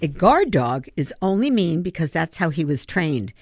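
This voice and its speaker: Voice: medium pitch, big pitch swings, moderate pace, dry recording. A reader voicing a passionate, earnest schoolgirl who loves animals, insistent in tone. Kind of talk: audiobook character reading.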